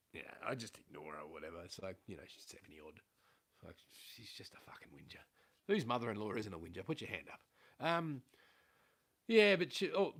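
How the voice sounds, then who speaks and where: A man's voice: medium pitch, a bit bright. A middle-aged man with an Australian accent talks casually to viewers from his home. He wanders off on tangents, drops casual swear words and admits when he is waffling. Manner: rambling, swears freely, self-aware about waffling. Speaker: livestream host. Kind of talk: casual rambling livestream chat. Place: at home indoors.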